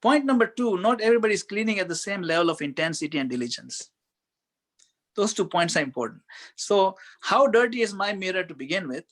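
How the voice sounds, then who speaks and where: A man giving a conversational spiritual talk as a guest speaker, telling stories in a relaxed way with many fillers. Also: high voice, brisk.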